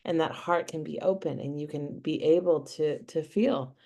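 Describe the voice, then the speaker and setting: Heartfelt woman guest with a gravelly, fry-heavy voice, casual and filler-laden, on a video call. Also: low voice, normal speed, warm tone. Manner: heartfelt, peppered with "like" and "you know". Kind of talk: casual interview chat.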